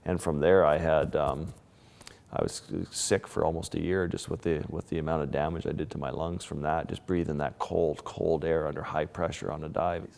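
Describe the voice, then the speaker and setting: A Canadian-born wildlife photographer tells stories in a casual interview, his bass voice gravelly, slightly mellow and steady, at normal speed. His vivid, restless retelling is full of sentence restarts and fillers, and the recording has a big-room sound.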